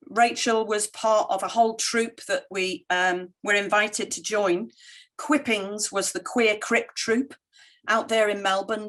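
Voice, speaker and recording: Animated woman telling stories in a keynote. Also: mid-range voice. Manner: animated storytelling, quotes others in lively voices. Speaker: keynote speaker. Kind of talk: conference keynote with slides.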